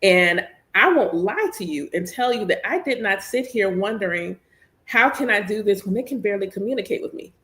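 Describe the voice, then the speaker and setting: An animated, candid woman in her thirties chats casually while she works, joking as she goes. Her voice sits at a middle pitch for a woman. The room around her is echoey. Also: moderate pace. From United States. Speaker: priestess and host. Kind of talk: casual chat while working.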